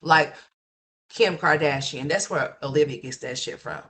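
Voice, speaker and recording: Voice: medium pitch, measured pace, a bit bright, slight background noise. A livestream host giving ranting gossip commentary, blunt and profane, repeating points and talking straight to viewers.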